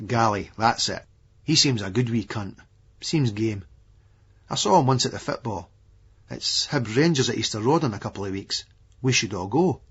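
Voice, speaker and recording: A man's voice: on the low side, animated, normal speed, husky, heavily acted. A man voicing a menacing, unhinged Edinburgh hard man in an audiobook, sneering and coarse in his taunts. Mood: taunting. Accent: Scottish, Edinburgh. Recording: dull lo-fi audiobook recording.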